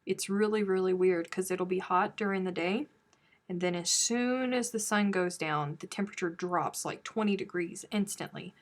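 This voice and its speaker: A woman's voice: lowish voice, normal speed. A woman hosting a crochet live stream from home, chatting casually and teasing her viewers. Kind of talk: casual chat reading viewer comments.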